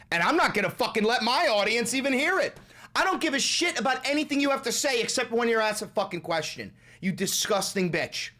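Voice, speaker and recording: A man streaming a reaction, shouting and swearing as he talks over a clip. His voice sits high and swings widely in pitch, loud and unfiltered. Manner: shouting, vulgar, ranting. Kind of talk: profane live reaction commentary.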